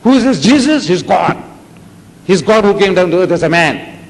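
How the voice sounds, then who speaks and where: An older man with a South African Indian accent giving a religious lecture, telling stories with animated acted-out voices. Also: high voice, moderate pace. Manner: animated storytelling, acting out voices with rising shouts. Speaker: Islamic lecturer. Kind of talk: public lecture to an audience. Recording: echoey hall with faint background noise.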